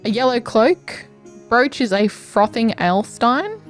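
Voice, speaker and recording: A woman, a tabletop player, briskly describing her character. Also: on the high side, lively intonation, faint music behind. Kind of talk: casual chat about a game character.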